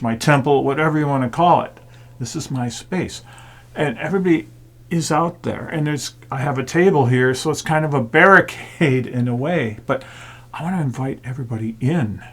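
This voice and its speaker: A man of middle pitch with a gravelly, husky voice. He talks calmly about his gong playing and often sinks into a hushed whisper to draw the listener in. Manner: reflective, drops often into a soft whisper to show quiet sound. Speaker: gong player and sound healer. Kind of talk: casual talk to camera.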